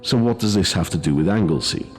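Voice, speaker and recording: A man narrating a scripted ghost story in a measured way, with dry asides. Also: low voice, lively intonation, faint music behind. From Wales. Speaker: host and narrator.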